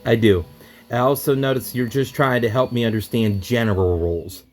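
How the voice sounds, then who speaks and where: Man student, mid-pitched voice, eager, thinks out loud, repeats back. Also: normal speed, faint music behind. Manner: eager, talks things through, repeats back to check. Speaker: language student. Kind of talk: casual online lesson.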